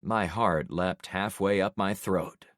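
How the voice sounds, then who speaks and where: Slow, low-voiced male audiobook narrator. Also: no room sound, clean studio sound. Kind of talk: first-person audiobook narration.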